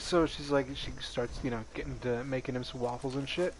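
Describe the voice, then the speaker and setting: A man's voice: medium pitch, flat delivery, a little hiss or hum. A man in a casual chat, swearing freely and laughing as he retells a story. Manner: profane, laughs often, quick jokey interjections. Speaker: podcast co-host.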